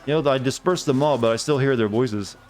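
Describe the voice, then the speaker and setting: A man's voice: medium pitch, fairly quick, a little mellow. A man streaming a video game, joking and rambling in casual commentary.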